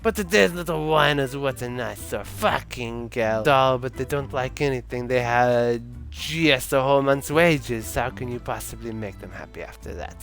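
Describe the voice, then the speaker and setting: A man's voice: medium pitch, normal speed, vocal fry, few pauses, fairly bright tone, soft background music. A man voicing a drunk, foul-mouthed old Santa in a game, with a put-on vague European accent and slurred, rambling talk. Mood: bitter. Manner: slurred, boozy rambling with sudden outbursts. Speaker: streamer voicing a game character.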